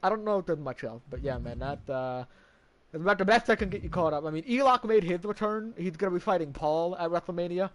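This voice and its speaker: Male streamer, high and animated, chatty and rambling, casual swearing. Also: fast talker. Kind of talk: casual game story recap.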